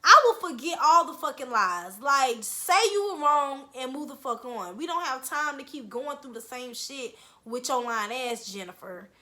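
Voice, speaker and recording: Young woman vlogger, high bright voice, blunt and cussing, casual recap commentary. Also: lively intonation, normal speed, few pauses. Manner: blunt, profane, scolding. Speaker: reality TV reviewer.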